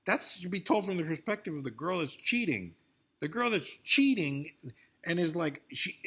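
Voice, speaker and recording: A man's voice: sits high, animated, moderate pace, a bit bright, husky. A man in a rambling, profane vlog rant about celebrity news, swinging between grumbling and outbursts. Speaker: vlogger.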